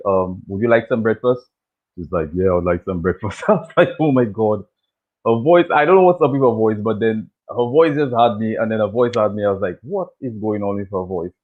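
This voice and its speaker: A man hosting a casual chat that recaps a TV show, talking loosely, repeating himself and laughing often. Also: fairly low pitch. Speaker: show host. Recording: tinny phone-like audio.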